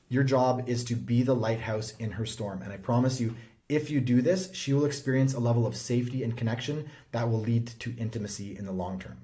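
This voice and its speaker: Mellow, earnest male relationship coach. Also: mid-range voice. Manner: earnest, emphatic, persuasive. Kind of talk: direct-to-camera advice talk.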